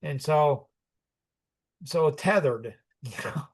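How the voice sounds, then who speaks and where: Reflective man in his sixties, slightly high voice. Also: slow pace, breathy edge. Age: 60s. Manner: rambling, reflective, with frequent restarts and chuckles. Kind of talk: personal storytelling in conversation.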